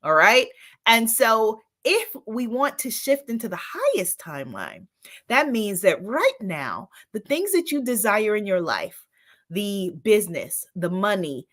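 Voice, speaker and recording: A woman's voice: mid-range voice, sing-song, a little slow, fairly bright tone. A woman hosting an inspirational live-stream talk, enthusiastic, laughing often and repeating affirmations. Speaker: spiritual host.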